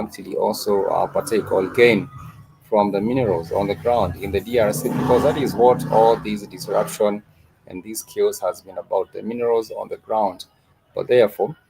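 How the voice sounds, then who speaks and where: A man hosting a live stream, talking through news and then teaching a language lesson, with frequent filler "uh"s and slow, repetitive explanations. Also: on the low side, creaky, mellow, slightly rough, poor audio. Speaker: host and Swahili teacher.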